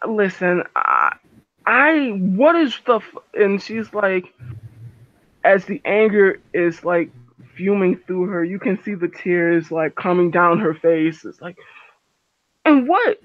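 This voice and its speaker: A man's voice: sits high, expressive, takes it slowly, dry recording. A man voicing a distraught, furious young werewolf medic who swears a lot and stammers. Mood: exasperated. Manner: profane, stammering, swings between loud and muttered. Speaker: tabletop game player. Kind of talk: in-character role-play. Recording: dull dry lo-fi recording.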